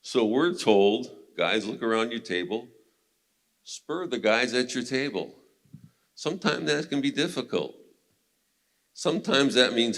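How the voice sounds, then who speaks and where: A man leads a men's Bible study conversationally, retelling scripture stories and laughing now and then. His medium-pitched voice is animated and a bit bright, but he speaks slowly with long pauses.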